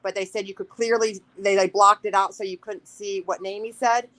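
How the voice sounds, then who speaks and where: A woman's voice: medium pitch, fairly even intonation, moderate pace, fairly bright tone, low-quality recording. A woman calling in to a live talk show, speaking in an emotional, rambling and insistent way. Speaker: caller. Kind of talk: casual call-in chat.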